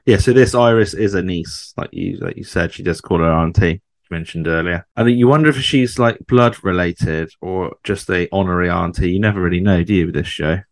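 A man's voice: low-pitched, a little fast, vocal fry, few pauses, no echo. A man co-hosting a podcast, chatting casually through a sitcom episode and asking his co-host questions as he goes.

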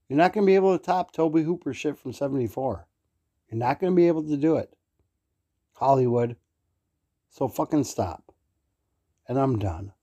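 A man's voice: mid-range voice, warm tone. A man hosting his own podcast, ranting alone with heavy swearing and many fillers. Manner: angry, swearing, rambling with fillers. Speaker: podcast host. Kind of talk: solo profanity-laden rant.

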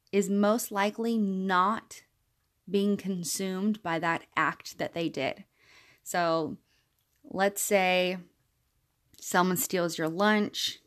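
A woman in her thirties hosting a self-help podcast, talking in an earnest, encouraging, chatty way with the odd laugh. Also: mid-range voice. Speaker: podcast host.

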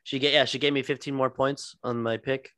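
A man's voice: mid-range voice, little pitch movement, brisk, sharp tone, no echo. Rambling man in dry casual chat. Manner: rambling, full of ums and restarts. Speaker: podcast co-host.

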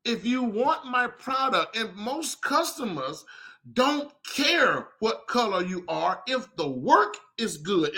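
A man hosting a podcast, telling a story in a casual, animated way and speaking straight to his listeners. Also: high voice, takes it slowly. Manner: animated, chatty, talks to listeners directly. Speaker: podcast host and leather craftsman.

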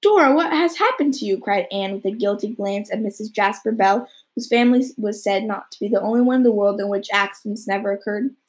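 A woman's voice: medium pitch, fairly even intonation, fairly quick, few pauses, a little mellow. A young woman reading a novel chapter aloud, with the odd slip and restart. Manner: occasional slips and restarts. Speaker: audiobook reader.

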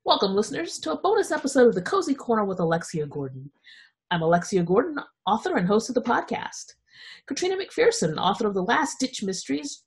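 An American woman hosting a book podcast, friendly and quick to laugh, with intros and questions. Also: on the high side. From near Washington D.C., United States. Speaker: podcast host.

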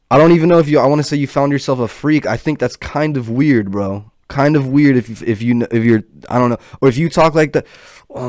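A man's voice: mid-range voice, darkish tone, no room sound, clean studio sound. A young man in his twenties hosting a podcast, ranting in a profane, rambling, heated way. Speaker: podcast host. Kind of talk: casual podcast rant.

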